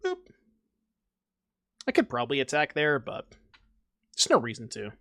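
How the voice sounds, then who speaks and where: Young male streamer, animated, bright voice, dry close mic, self-mocking banter. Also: medium pitch, normal speed, dry recording. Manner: chatty, self-mocking, talks to chat. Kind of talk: casual gameplay commentary.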